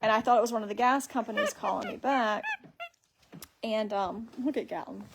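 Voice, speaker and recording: A woman's voice: a little high, normal speed, background noise. A woman hosting a casual live stream on her phone, rambling through her story and reading viewer comments aloud.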